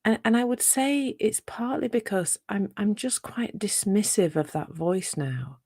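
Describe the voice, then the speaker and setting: A woman's voice: medium pitch, unhurried, dark tone, breathy edge, no room sound, studio quality. A woman teaching on a live talk, chatty and playful, with rhetorical asides to her listeners. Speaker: self-compassion teacher.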